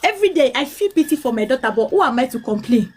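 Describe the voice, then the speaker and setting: A Nigerian woman in her late thirties, mixing English and Pidgin, telling her life story as a mother in a pleading, halting way. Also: sits high, very animated, husky. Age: 30s. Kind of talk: emotional personal testimony.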